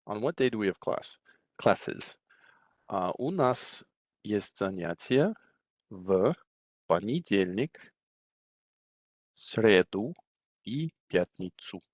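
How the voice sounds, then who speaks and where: A middle-aged man giving a recorded language lecture from a textbook, relaxed, often checking in with "right?" and restarting his sentences. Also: on the low side, takes it slowly, long pauses, dry recording. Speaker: Russian language teacher.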